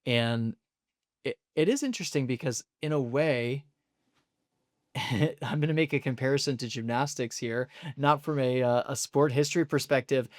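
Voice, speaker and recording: A man's voice: mid-range voice, no echo, clean studio sound. Analytical young man hosting a podcast. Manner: thoughtful, analytical, laughs often. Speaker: podcast host. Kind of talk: casual conversation.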